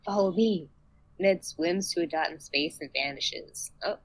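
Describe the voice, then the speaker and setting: A woman's voice: low-pitched, unhurried, fairly bright tone, poor audio. A woman co-hosting a podcast, reading a choose-your-path book aloud in a playful, giggly way and chatting casually. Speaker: podcast host and reader. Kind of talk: casual chat and storybook reading.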